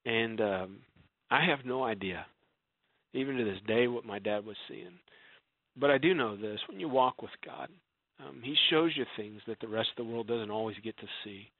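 A man guest telling an emotional personal story in an earnest way, his voice dropping soft when he quotes others. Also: mid-range voice, normal speed, no room sound. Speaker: guest author. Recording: dry, phone-like narrow sound.

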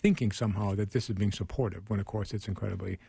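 Mellow, husky male counselor. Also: on the low side, fairly even intonation, fast, no room sound. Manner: gentle, earnest, explains patiently. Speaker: counselor, radio guest. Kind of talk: advice on a radio talk show.

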